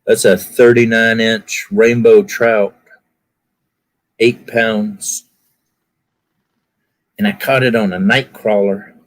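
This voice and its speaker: In this low-quality recording, a man with a lowish, fairly even voice spins folksy tales in easygoing conversation, acting out characters with raised voices. He talks slowly and leaves long pauses.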